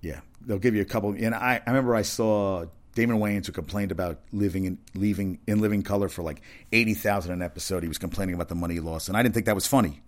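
A man's voice: fairly low pitch, fairly even intonation, quick pace, hardly any pauses. A man talks casually as a host. He rambles from one topic to the next, with restarts and asides along the way. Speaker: talk show host.

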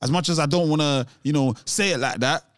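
A man's voice: on the high side, fast talker, no room sound. Rambling man, slangy and dry. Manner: rambling, tangential, many restarts. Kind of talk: casual chat.

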